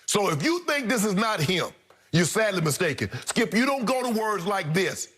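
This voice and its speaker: Brief: middle-aged man, high-pitched, heated sports-talk pundit, preachy and emphatic. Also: sing-song, moderate pace, a bit bright, breathy edge. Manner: emphatic, preachy, addresses co-host directly. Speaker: sports debate show co-host. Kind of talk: heated opinion commentary.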